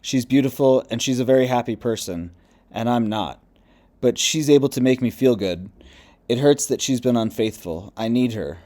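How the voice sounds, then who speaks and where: A man's voice: normal speed, close to an everyday voice. A man reading as a lost, bitter male spirit. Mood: despairing. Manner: low, subdued, quiet delivery.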